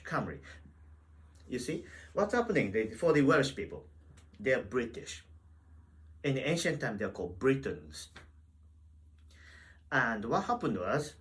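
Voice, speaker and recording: Animated male Bible teacher. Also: mid-range voice, rough recording. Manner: animated, asks many rhetorical questions. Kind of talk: teaching sermon. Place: Wales.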